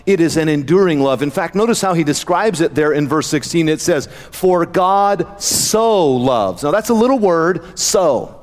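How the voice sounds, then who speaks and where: A man preaching a sermon as pastor, slowing down for emphatic scripture quotes. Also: fairly high pitch, animated. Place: church sanctuary. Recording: church hall with long reverb.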